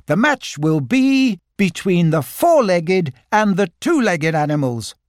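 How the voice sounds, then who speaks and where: A man's voice: high voice, big pitch swings, slow, no echo, studio quality, pitched above the performer's own voice, heavily acted. A man doing an earnest, organising young boy. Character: sensible young boy, the group's leader.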